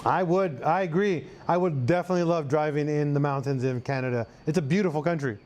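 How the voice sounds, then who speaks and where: A man's voice: on the high side, fast talker, darkish tone. A young man from Arkansas with a Southern US accent, chatting casually as a mechanic on a live stream and answering viewers. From Arkansas, USA. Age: young adult. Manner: loose, chatty, answers chat, drawling "y'all".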